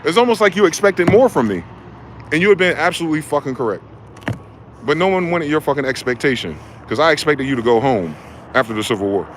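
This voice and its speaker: A man's voice: a little high, sing-song, noisy background. A man from New Jersey delivering a heated, profane ranting monologue as a vlogger. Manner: profane, heated, fast-talking.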